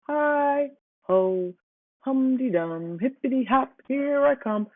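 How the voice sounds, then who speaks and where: A reader voicing a cheerful, hungry young female hippo in a storybook, talking in a high, sing-song way. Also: big pitch swings, takes it slowly, dry recording, exaggerated voice. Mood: gleeful. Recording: tinny phone-like, dry.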